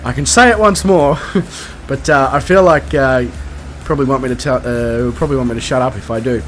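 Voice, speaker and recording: A man's voice: medium pitch, brisk, fairly bright tone, slight background noise. A man with an Australian accent, streaming a flight game and chatting casually with his viewers in a rambling, self-mocking way. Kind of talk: casual chat with live viewers.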